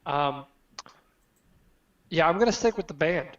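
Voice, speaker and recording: A man's voice: on the high side, animated, a little slow. A man playing in a tabletop game, speaking hesitantly with lots of fillers. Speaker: player. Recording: dull lo-fi audio.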